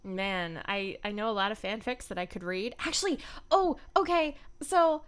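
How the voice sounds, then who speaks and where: A woman's voice: mid-range voice, animated, moderate pace, clean tone. Young woman voice actor rambling on her stream at home, goofy, giggly, just chatting. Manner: playful, rambling, giggly asides. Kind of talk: casual stream chat.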